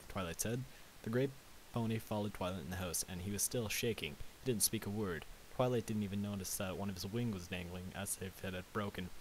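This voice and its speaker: A man reading fan fiction aloud in a halting way, stumbling and correcting himself. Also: lowish voice, rough recording. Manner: halting, with slips and self-corrections. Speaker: amateur reader. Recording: faint tape hiss.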